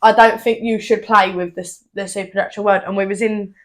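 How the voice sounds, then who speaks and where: A woman's voice: medium pitch, level tone, fairly quick, fairly bright tone. A young woman co-hosting a podcast, reacting to ghost stories with spooked, swearing remarks. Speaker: podcast co-host. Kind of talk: casual chat.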